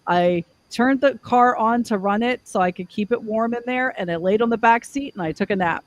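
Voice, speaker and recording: A woman's voice: fairly high pitch, moderate pace, dry recording, low-quality recording. A woman hosting a live podcast, telling stories in a frank, profane way. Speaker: podcast host. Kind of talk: casual chat.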